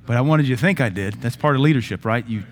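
A man preaching to his church congregation. His pitch sits at an ordinary middle level, and his delivery is conversational, with emphatic rises and self-deprecating asides along the way. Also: fast. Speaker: pastor. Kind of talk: sermon. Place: church sanctuary.

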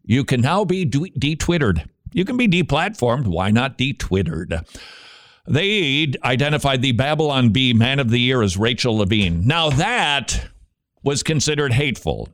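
A man hosts a talk show with opinionated, emphatic commentary. His delivery is animated and sarcastic. The sound is dry, with no room around it. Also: medium pitch, moderate pace, dry recording.

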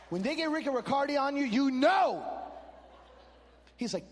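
A male preacher from Chicago giving a sermon, telling comic stories and rising into shouted preaching. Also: very high voice, animated, a little fast, big-room sound, a little hiss or hum. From Chicago, USA.

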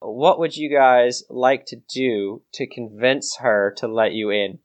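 A man's voice: mid-range voice, slow, highs cut off. A man narrating a tabletop game as game master, rambling and hesitant with many restarts.

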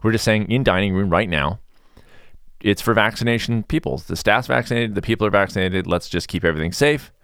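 A man hosting a podcast in a relaxed, mellow mood, chatting in a rambling way with a sarcastic streak. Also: fairly low pitch, brisk, smooth, no room sound, clean studio sound. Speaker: podcast host. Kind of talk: casual podcast monologue.

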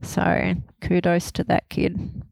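A woman in her thirties, a grieving mother speaking candidly in an interview, halting and laughing softly through painful memories. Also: fairly low pitch, completely flat delivery, gravelly, dry recording. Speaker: interview guest, bereaved mother. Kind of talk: emotional personal interview.

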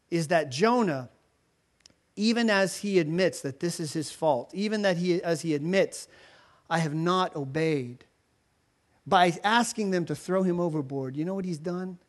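A man preaching a sermon, retelling the story in a casual, animated way with filler words. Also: on the high side. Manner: animated storytelling, voicing characters in quotes. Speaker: pastor.

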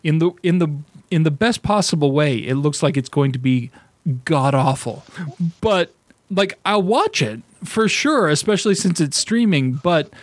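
A man's voice: a little high, expressive, moderate pace, no echo. A man co-hosting a casual podcast chat, blunt and laughing often, swearing freely. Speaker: podcast co-host.

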